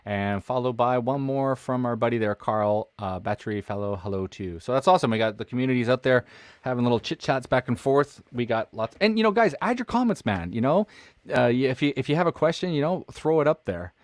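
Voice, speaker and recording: A man's voice: mid-range voice, a little fast, no room sound. A Canadian man co-hosting a live filmmaking podcast, chatting casually and rambling with lots of fillers and restarts. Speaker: podcast co-host. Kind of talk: casual live-stream chat.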